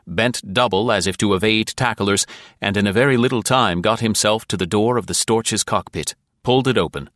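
A male audiobook narrator reads in a steady, measured way. His voice is low and deep with a bright, forceful edge, and the recording is dry and close. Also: no echo.

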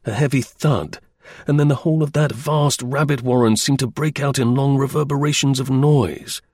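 A man reads a first-person adventure as an audiobook, measured and even. His voice is husky and mid-pitched. The recording is dry and close. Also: no echo. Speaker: audiobook narrator.

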